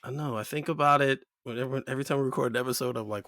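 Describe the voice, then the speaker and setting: A man's voice: medium pitch, rapid-fire, a bit bright, dry recording, studio quality. A man co-hosting a casual podcast, laid-back and rambling, laughing often. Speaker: podcast co-host.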